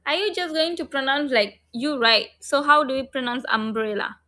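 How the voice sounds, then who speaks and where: A woman teaches an online phonics lesson over a video call, repeating letter sounds and prompting her students. Her voice sits high and comes across pushed and bright at a moderate pace.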